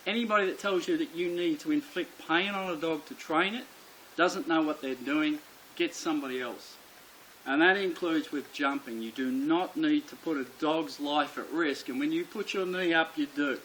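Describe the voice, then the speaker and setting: A man's voice: a little high, sharp tone, slight background noise, low-quality recording. A man teaching dog training, speaking bluntly and emphatically and repeating his key points. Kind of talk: instructional explanation to camera.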